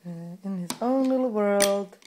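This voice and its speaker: A woman's voice: medium pitch, a little slow, noisy background. Coaxing mother talking to her toddler. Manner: sing-song, encouraging baby talk. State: pregnant. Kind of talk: home video, coaxing a toddler.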